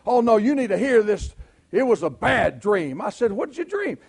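A Southern preacher with a high, gravelly voice that leaps up and down as he preaches. He talks in a folksy storytelling way and rises to full shouts at the peaks of the sermon. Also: very animated, normal speed. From Southern United States. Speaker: pastor.

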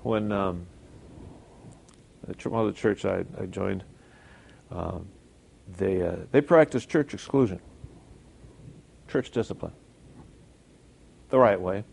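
A man's voice: deep voice, slow, vocal fry, long pauses, darkish tone, slight background noise. A man preaching a sermon in a conversational way, firing off rhetorical questions and correcting himself as he goes.

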